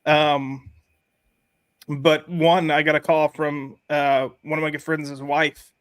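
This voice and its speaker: A man hosting a casual panel discussion, telling personal stories in an earnest, halting way. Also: fairly high pitch, little pitch movement, a bit bright, no room sound. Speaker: podcast host.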